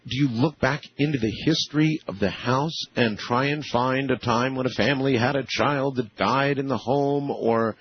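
A man's voice: mid-range voice, moderate pace, hardly any pauses, slightly rough, no room sound, highs cut off. A man hosting a radio interview, hesitant and amazed, with many fillers. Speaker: radio show host.

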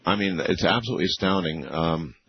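A man's voice: sits low, brisk, breathy edge, no room sound. A man hosting a radio talk show, interviewing guests and reacting with amazement, often restarting his sentences. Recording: muffled lo-fi radio audio.

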